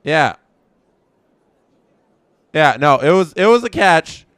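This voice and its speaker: A Canadian man hosting a live baseball watchalong, excitable and reacting loudly to each play, his voice strained and worn out. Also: fairly high pitch, slow pace, clean tone, no room sound. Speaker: watchalong host.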